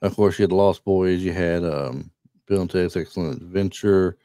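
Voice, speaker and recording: Low-voiced easygoing podcast host, a man. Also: fairly even intonation, normal speed, warm tone, no echo. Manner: easygoing, hesitant with ums. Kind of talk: casual podcast chat.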